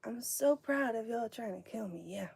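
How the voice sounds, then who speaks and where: A woman's voice: a little high, lively intonation, moderate pace, creaky, a little mellow, breathy edge, dry recording. A woman talking to viewers on a live stream, mocking and sarcastic, sometimes dropping to a whisper. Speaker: livestreamer.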